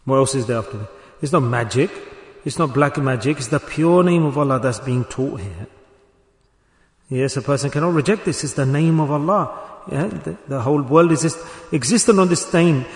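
A man's voice: mid-range voice, normal speed. Earnest preaching man in echoey hall. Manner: earnest, repetitive preaching with bursts of emphasis. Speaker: Sufi teacher. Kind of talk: sermon.

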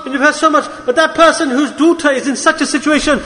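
Impassioned high-voiced male preacher. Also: fairly even intonation, brisk, hardly any pauses, sharp tone, in a large hall. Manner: impassioned, pleading, rises and falls sharply. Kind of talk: emotional sermon.

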